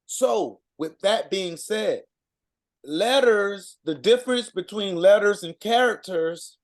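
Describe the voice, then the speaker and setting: A man with a fairly high voice talks slowly through an informal language lesson. He reads out words one by one, stops to sound them out, and fills the gaps with "uh" and "um". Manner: halting, sounds out words, many fillers. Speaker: co-presenter reading out vocabulary.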